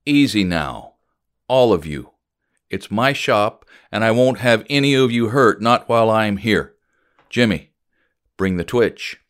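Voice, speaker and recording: A man's voice: fairly low pitch, measured pace. A man reading as a firm old blacksmith. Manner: steady, commanding. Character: calm, firm older male blacksmith.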